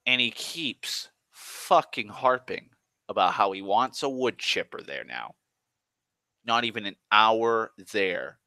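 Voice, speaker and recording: A man's voice: fairly low pitch, expressive, takes it slowly, pushed and bright, no echo. A man telling a work story as an exasperated, swearing rant, often restarting his sentences. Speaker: online storyteller. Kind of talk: profane rambling rant.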